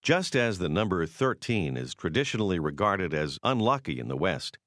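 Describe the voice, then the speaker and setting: A man narrating a scripted language course in a measured, explanatory way, close to the mic. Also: deep voice, sing-song, fairly bright tone, no room sound.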